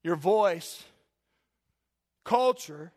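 Animated and high-pitched, this male pastor preaches a sermon that moves between forceful, loud highs and quiet, hushed stretches. His scripture readings slow way down, with the words stretched out for dramatic effect.

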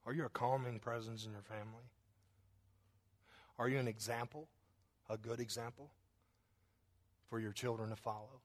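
A man's voice: mid-range voice, steady tone, moderate pace, pauses often. Emphatic preacher man asking questions. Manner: emphatic, repeated rhetorical questions. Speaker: pastor. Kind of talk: sermon.

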